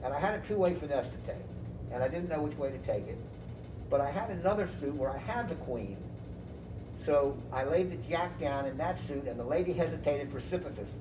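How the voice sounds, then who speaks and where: An older man with a slightly high voice relaxes into old bridge anecdotes. He is picked up from a distance in an echoing room with background noise. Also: expressive, fairly quick. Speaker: bridge club founder. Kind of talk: casual storytelling chat. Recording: echoey room heard from far off with noise.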